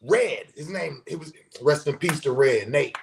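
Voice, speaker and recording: High-voiced profane man telling stories. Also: a little slow, gravelly. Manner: profane, animated storyteller who acts out quotes. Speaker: podcast host. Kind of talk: casual storytelling.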